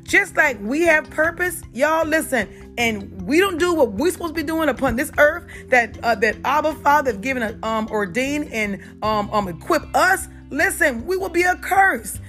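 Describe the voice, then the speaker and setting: A woman's voice: sits high, animated, moderate pace, few pauses, fairly bright tone, soft background music. A middle-aged woman with a Southern accent, talking casually and unedited about natural health and faith, with many fillers and repeated "you guys" and "y'all". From South Carolina. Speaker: holistic health talk host.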